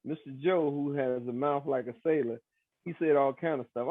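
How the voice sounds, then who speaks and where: A man's voice: mid-range voice, normal speed, dry recording. Man telling his story, tinny sound. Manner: animated, acts out quoted voices, many fillers. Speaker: exoneree interviewee. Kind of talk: interview storytelling.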